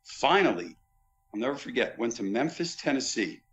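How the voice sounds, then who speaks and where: A man's voice: mid-range voice, normal speed, dull audio, slight background noise. A man who was a boxing pay-per-view executive, guesting on a podcast and telling vivid stories about his past. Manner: animated raconteur, vivid recollections. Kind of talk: anecdotal storytelling in casual chat.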